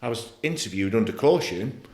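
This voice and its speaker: A man's voice: lowish voice, expressive, brisk, vocal fry, darkish tone, echoey room. A middle-aged man from England, a podcast guest telling his personal story bluntly and emotionally, swearing freely. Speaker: podcast guest, former footballer. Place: podcast studio.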